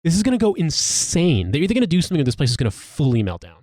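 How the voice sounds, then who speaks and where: A man's voice: fairly high pitch, wildly swooping pitch, racing, a little mellow, no room sound, studio quality. An American man hosting a podcast, talking in casual, profane, ranting commentary. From United States. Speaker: podcast host.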